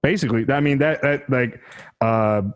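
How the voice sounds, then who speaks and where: A man's voice: mid-range voice, moderate pace. Profane, rambling male podcast host. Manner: profane, rambling, laughs at own jokes. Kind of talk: casual comedic history chat.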